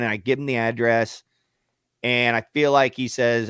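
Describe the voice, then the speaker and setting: Male radio co-host, mid pitch, dry close mic, animated profane storyteller. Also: moderate pace, smooth, dry recording. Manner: profane, acts out shouting matches in quotes.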